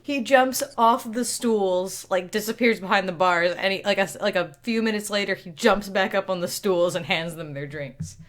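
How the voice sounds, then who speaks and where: A woman's voice: medium pitch, moderate pace, hardly any pauses. A woman narrating as game master for a casual tabletop role-play, chatty and giggly with many fillers.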